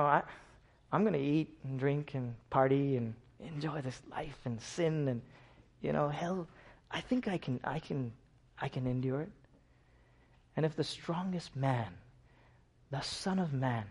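A middle-aged man from India preaching a sermon, swinging from hushed, slow lines to loud, emphatic peaks. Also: on the high side.

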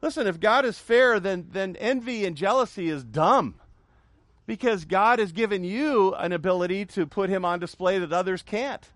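A middle-aged man preaching a sermon in a notably high voice. He repeats his points for emphasis, leads the congregation in call-and-response, and drops in joking asides. The sound is dry and close. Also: normal speed, fairly bright tone, no room sound. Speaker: pastor.

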